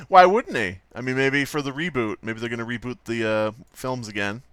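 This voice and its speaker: A man's voice: medium pitch, moderate pace, fairly bright tone, clear, resonant tone, no room sound. A man hosting a live stream, chatting casually and rambling with jokes and frequent swearing while he draws. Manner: rambling, joking, swears freely. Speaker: livestream host.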